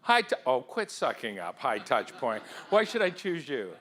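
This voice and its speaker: A man giving an interactive talk at a conference, firing questions at the audience in an energetic, persuasive way. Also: medium pitch, moderate pace. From England. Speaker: keynote speaker. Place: conference hall.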